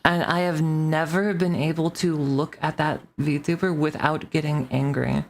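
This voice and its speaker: A woman's voice: low-pitched, steady tone, a little slow, vocal fry, a little hiss or hum. A woman streamer ranting casually to her chat, rambling and swearing with many restarts.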